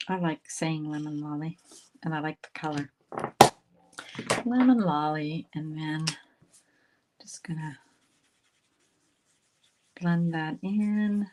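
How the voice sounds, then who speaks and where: A woman with a slightly low voice hosts a relaxed crafting livestream. She chats steadily as she works, drifting into quiet murmured asides, with a faint hiss and small clicks behind her. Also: takes it slowly, pauses often, low-quality recording. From Canada. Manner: chatty, talks while working, drifts into soft murmured asides. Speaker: craft instructor and livestream host. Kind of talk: casual livestream crafting tutorial.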